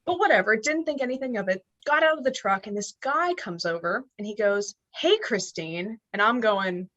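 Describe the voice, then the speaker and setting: Animated young woman telling a story. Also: on the high side, moderate pace, hardly any pauses. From US Northeast. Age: young adult. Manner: animated, acts out quoted dialogue. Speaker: podcast guest. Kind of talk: storytelling in an interview.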